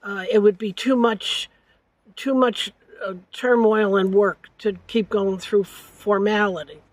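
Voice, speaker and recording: An older woman telling a personal story at an unhurried, slow pace, pausing often on hesitations and correcting herself mid-sentence. Her voice sits at an ordinary middle pitch. The sound is close and dry, with no room echo. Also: fairly even intonation. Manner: halting, with frequent hesitations and self-corrections. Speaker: interviewee.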